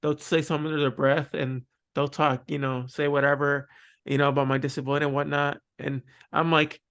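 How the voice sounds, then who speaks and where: A man hosting a podcast, talking casually and haltingly, often restarting his sentences. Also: a little high, flat delivery, fairly bright tone, clear, resonant tone. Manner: halting, loose storytelling with many repeated starts. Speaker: podcast host. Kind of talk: casual conversational interview.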